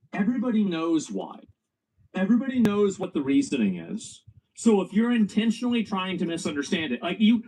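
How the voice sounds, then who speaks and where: A man's voice: high-pitched, darkish tone, a little hiss or hum, poor audio. A man in a casual reaction chat, giving blunt, dismissive opinions.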